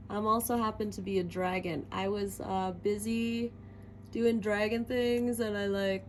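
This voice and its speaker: A woman voicing a playful, forgetful dragon who serves tea, with a drawn-out sing-song delivery. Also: medium pitch, steady tone, slight background noise, lightly acted.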